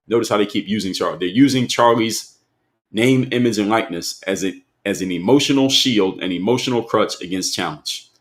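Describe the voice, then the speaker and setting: A man hosting a live stream, talking straight to his chat in an emphatic way, repeating his points and asking viewers questions. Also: lowish voice.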